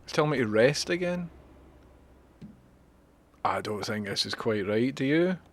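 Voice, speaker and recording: A man's voice: mid-range voice, lively intonation, unhurried. A Scottish man chatting and swearing his way through a live gameplay stream, talking to viewers as he plays.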